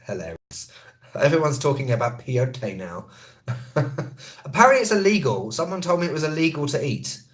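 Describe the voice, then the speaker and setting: A man, a travel vlogger who also teaches English, chatting casually on a live stream and answering viewer comments, quick and chatty, often correcting himself mid-sentence. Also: on the high side, big pitch swings.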